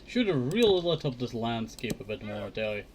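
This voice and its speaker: With a sing-song, mid-range voice at normal speed, a Minecraft streamer offers casual commentary on a survival game. He counts blocks under his breath, chats to himself, and snaps at mobs in annoyance; the recording has a little hiss or hum and clear keyboard clicks behind him.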